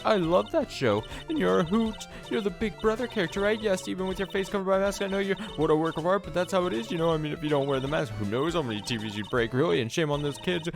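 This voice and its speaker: A man's voice: high-pitched, quick pace, gravelly, hardly any pauses, voice pushed up. A man voicing a nosy, pushy old woman in a video game who talks nonstop and scolds people. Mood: gushing chatter. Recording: game music behind.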